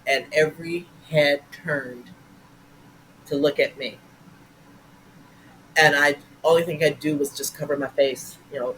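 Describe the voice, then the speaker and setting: Older woman, improviser guest, bright and forceful tone, lively and profane. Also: deep voice, unhurried, pauses often, slight background noise, low-quality recording. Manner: animated, swears freely. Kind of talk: casual storytelling interview.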